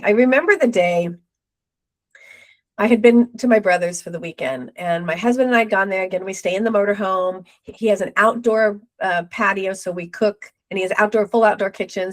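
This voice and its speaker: A middle-aged woman, a podcast guest, telling a personal story with lively retold quotes. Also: mid-range voice. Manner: animated retelling with acted quotes.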